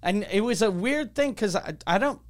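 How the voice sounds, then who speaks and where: A man, a podcast co-host, telling an animated story in casual comedic chat. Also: high voice, normal speed. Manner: animated, acts out quoted voices.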